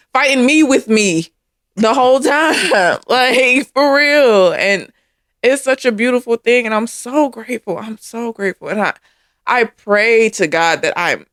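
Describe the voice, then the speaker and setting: A woman's voice: mid-range voice, no room sound, clean studio sound. A woman in casual chat with her husband, tearful and emotional, repeating herself as her voice breaks. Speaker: co-host of a couples channel.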